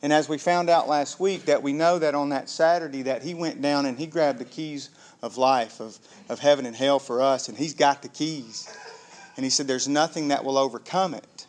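A man preaching a sermon as pastor, telling the story with animated, acted-out dialogue. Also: medium pitch, normal speed. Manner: animated storytelling, acting out biblical characters.

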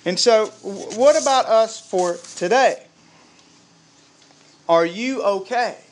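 A man preaching a sermon to a live congregation, lively and humorous, quizzing the crowd. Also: sits high, takes it slowly. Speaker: pastor.

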